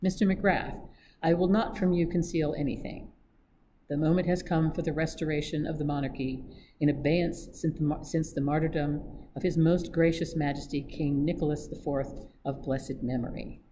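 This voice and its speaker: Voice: mid-range voice, steady tone, moderate pace, mellow, slight background noise, lightly acted. A reader voicing a pompous older foreign baron in an audiobook reading, speaking stiffly and formally with oddly scrambled word order. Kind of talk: read-aloud audiobook acting.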